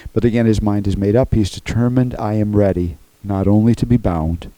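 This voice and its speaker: Earnest low-voiced male preacher. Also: steady tone, brisk, dark tone, no room sound, poor audio. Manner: earnest, emphatic, repeats "okay?" to the congregation. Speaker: pastor. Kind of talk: sermon.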